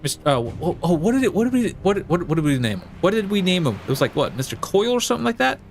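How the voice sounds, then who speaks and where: Playful, rambling let's-play host, man, slightly high voice, faint music under. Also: very animated, fast talker, gravelly. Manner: rambling, playful, many fillers. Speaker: gaming channel host.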